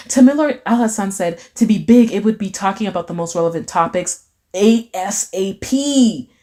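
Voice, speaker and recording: Brief: young woman, casual livestream host, lively swooping pitch, playful reactions, heavy "like" filler. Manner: animated, playful, lots of filler "like", sudden squeals. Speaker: livestream host reading chat.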